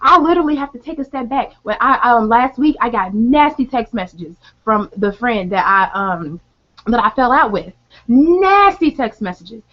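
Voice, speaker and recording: A woman speaks earnestly about her faith from her home, circling back on phrases and drifting into spoken prayer. Her voice sits a little high. The recording is dull and lo-fi. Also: expressive, normal speed. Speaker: faith vlogger. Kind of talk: casual faith talk to camera.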